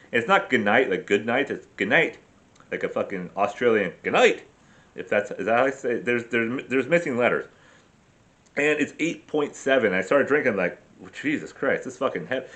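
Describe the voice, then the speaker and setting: A man's voice: medium pitch, a bit bright. Rambling, profane man telling camping stories. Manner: profane, rambling, self-deprecating storyteller. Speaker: vlogger. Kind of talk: rambling casual travel vlog.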